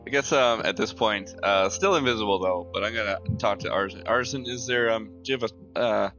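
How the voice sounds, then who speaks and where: A man's voice: on the low side, a little fast, a bit bright, lo-fi sound, faint music behind. A man playing a tabletop game, stammering through restarts and laughing often. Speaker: player. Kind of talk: casual tabletop play.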